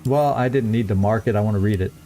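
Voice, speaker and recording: A man's voice: lowish voice, fast, dark tone, soft background music. A middle-aged man giving chatty, rambling commentary while playing a game, chuckling often. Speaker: let's play host. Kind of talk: casual gameplay commentary.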